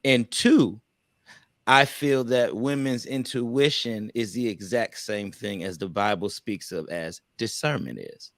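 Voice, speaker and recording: A man's voice: on the low side, a little slow, a bit bright, dry recording, clean studio sound. A man co-hosting a casual relationship panel discussion, emphatic and preachy, with loose vernacular speech. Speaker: podcast co-host.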